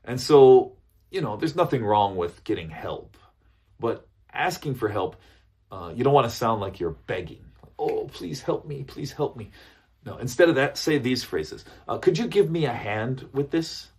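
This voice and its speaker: A man's voice: medium pitch, moderate pace, husky. A man teaching business English phrases, repeating examples and checking in with listeners often. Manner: animated, repeats phrases with checking "okay?" and "right?".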